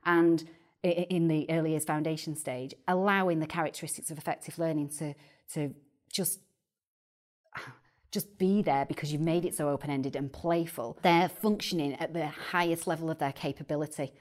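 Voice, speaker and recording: A woman, a guest chatting on a podcast about early years teaching, animated and often repeating words as she starts a thought. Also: deep voice, moderate pace. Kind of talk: casual podcast chat.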